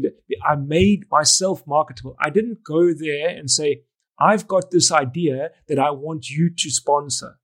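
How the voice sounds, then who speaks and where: At a measured pace and a higher pitch, a middle-aged man who works as a wedding photographer and educator tells stories for a podcast interview. He acts out the conversations he recalls with animation, frequently restarting.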